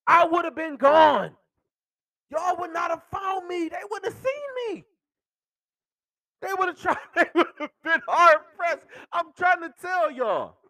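A male podcast host delivering an excitable sports rant, swearing freely and laughing through his words. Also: very high voice, slow, no echo.

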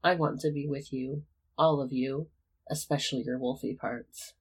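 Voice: mid-range voice, fairly even intonation, moderate pace, husky, natural voice. A reader voicing a bold, teasing schoolboy wizard. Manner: teasing, dry.

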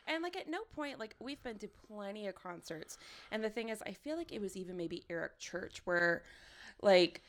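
A woman's voice: medium pitch, animated. A woman in casual chat who fills her sentences with "like" and laughs easily. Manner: chatty, leans on "like", quick to laugh.

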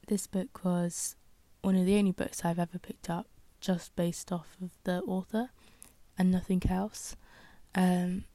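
A woman's voice: lowish voice, level tone, measured pace, mellow, no echo. A young woman hosting a solo podcast, chatting casually and rambling with many fillers and self-deprecating asides. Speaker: podcast host.

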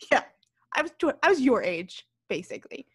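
A woman in her thirties co-hosting a podcast, telling a story in casual chat, animated and laughing, swearing freely. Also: sits high, normal speed, husky. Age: 30s. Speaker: podcast co-host.

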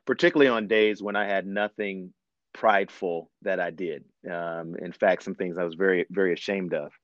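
A preacher describing a devotional practice in a reflective, unhurried way, with many fillers. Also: male voice, low voice, fairly even intonation, no echo, dull audio. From Ohio. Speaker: guest preacher. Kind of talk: phone-in devotional talk.

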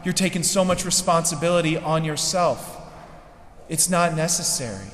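A man voicing a gentle, knowing figure who speaks softly and kindly to a weary friend, in an echoey hall. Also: on the high side, moderate pace, a little hiss or hum, lightly acted. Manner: soft, gentle, hushed. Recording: echoey hall with long reverb.

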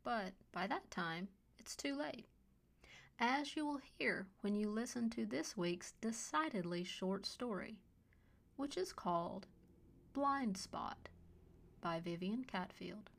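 A woman hosting a fiction podcast, introducing and reading a short story in a measured, dry way that often drops to a hush. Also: medium pitch, expressive, vocal fry. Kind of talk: scripted story narration.

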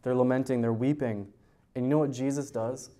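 A man's voice: medium pitch, steady tone, fairly quick, mellow. Conversational male youth pastor teaching. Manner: conversational, asks the audience questions. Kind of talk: verse-by-verse teaching sermon.

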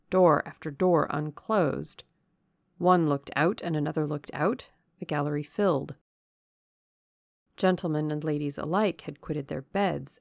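Brief: woman narrator, slow and measured, gravelly low voice, dry recording. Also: dry recording. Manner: measured, dramatic reading. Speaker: audiobook narrator. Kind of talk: scripted narration of a classic novel.

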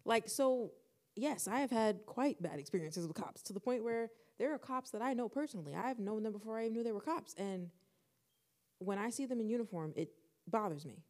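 A young woman co-hosting a podcast, telling a personal story in casual chat and acting out the dialogue with lively shifts. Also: on the high side, brisk. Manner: animated, acts out quoted dialogue. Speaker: podcast co-host.

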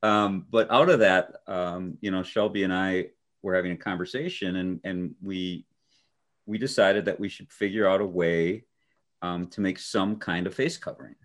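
A man co-hosting a podcast, telling a story in a relaxed way with dry, sarcastic humor and lots of fillers. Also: sits low. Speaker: podcast co-host. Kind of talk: casual conversational storytelling.

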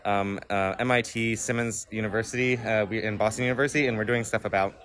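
A man at a conference casually introduces himself and the research he works on. He explains with spoken examples in a relaxed, conversational way. He often pauses on an "uh" or "um" while he searches for words. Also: lowish voice, a loud crowd. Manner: explanatory, with frequent "uh" and "um" fillers. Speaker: linguistics researcher being interviewed. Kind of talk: casual interview answer. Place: conference venue.

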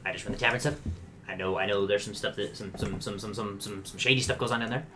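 A jittery gnome tavern keeper, cowardly and quick to plead, as a man puts him on. He stammers and repeats himself in a rushed panic, over a noisy home recording. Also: fairly low pitch, steady tone, natural voice. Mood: panicky.

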